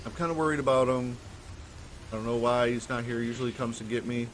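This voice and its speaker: A man's voice: mid-range voice, quick pace, a little hiss or hum, natural voice, poor audio. A man voicing a worried young woman who rambles anxiously in a tabletop game. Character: worried young woman waiting for her boyfriend.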